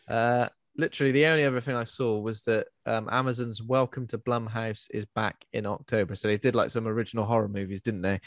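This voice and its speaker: A man's voice: lowish voice, steady tone, a little fast, few pauses, no room sound, clean studio sound. A man co-hosting a casual podcast chat, rambling with fillers. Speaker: podcast co-host.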